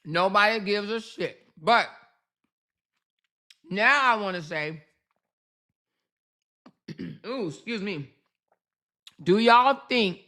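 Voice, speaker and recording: A woman talks straight to her livestream viewers in casual, profane commentary. Her voice is bright and forceful, sitting at a middle pitch, and she keeps calling the audience y'all and honey. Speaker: livestream host.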